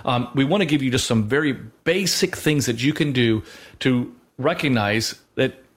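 An earnest man in his thirties talks through a teaching on a Christian talk show. He speaks at an ordinary mid pitch, leaning on fillers and restarting his sentences as he thinks aloud. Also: moderate pace. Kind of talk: conversational teaching.

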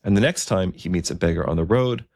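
A man telling a historical story in a relaxed, conversational way, with asides and fillers. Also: low-pitched, fast talker, gravelly, no echo, studio quality.

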